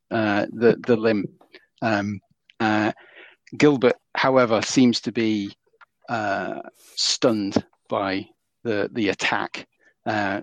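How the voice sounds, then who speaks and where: A man narrating as game master in a tabletop role-playing game, pausing often with ums and restarts. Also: fairly low pitch, no room sound. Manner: halting, many ums and restarts.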